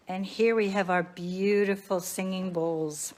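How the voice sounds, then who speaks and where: Slow, unhurried woman giving a shop tour. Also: mid-range voice, steady tone. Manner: leisurely, chatty, warmly showing off items. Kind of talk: casual guided shop tour. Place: inside a small shop.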